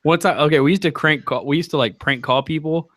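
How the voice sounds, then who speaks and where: A man on a casual podcast, telling prank-call stories with lots of laughter and quick impressions. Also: a little high, no room sound, clean studio sound. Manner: laughing storyteller, animated impressions. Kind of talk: casual chat, storytelling.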